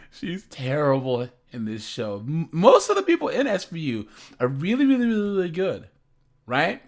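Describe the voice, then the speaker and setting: A man hosting his own reaction commentary, talking at home into a desk mic. His voice sits a little high for a man, and his pitch swings a lot. He rambles, doubles back on his words and laughs easily. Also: wildly swooping pitch, a little slow, pauses often. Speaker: reaction channel host.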